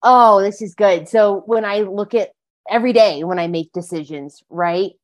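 A woman with a mid-range voice at normal speed guests on a podcast, speaking earnestly in a casual conversation about recovery. She leans heavily on "like" as a filler.

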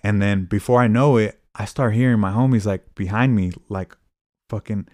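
A man's voice: fairly low pitch, a little fast, darkish tone, no room sound, studio quality. A young man casually telling drunken stories on a podcast, swearing freely and laughing as he goes. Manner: profane, laid-back storytelling with laughs. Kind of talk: casual storytelling chat.

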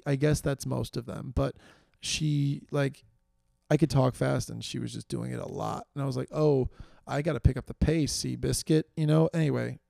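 Gravelly, mellow-voiced tired podcast host. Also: male voice, medium pitch, no echo, clean studio sound. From New York. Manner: rambling, self-deprecating, many fillers. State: tired, fading energy. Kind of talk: solo podcast chat.

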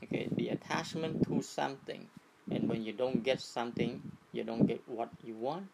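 Gravelly guy teaching casually, lots of okay and right?, heavy hiss behind. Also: medium pitch. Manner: repetitive, halting, checks in with "right?" and "okay". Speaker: speaker giving a talk on attachment. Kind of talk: informal teaching talk. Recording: loud background noise.

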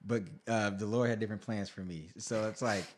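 A man in his thirties, a singer-songwriter guest, telling his life story in a casual interview, animated, laughing often and restarting sentences. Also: fairly low pitch, fairly quick.

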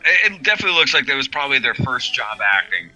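A man's voice: medium pitch, big pitch swings, fast talker, bright, forceful tone, faint music behind, poor audio. A man co-hosting a podcast, rambling and sarcastic as he riffs on a cheesy special, laughing often. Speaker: podcast co-host. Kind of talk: casual riffing commentary.

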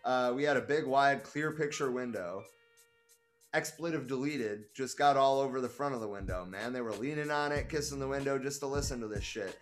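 A man's voice: medium pitch, fairly quick, soft background music. Male reader, casual and profane, reads a memoir aloud with amused asides.

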